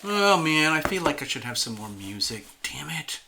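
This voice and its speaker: A man's voice: a little high, very animated, normal speed, noisy background. A man hosting a tarot channel, chatting casually and playfully to viewers while admitting he feels nervous. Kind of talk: casual solo livestream talk.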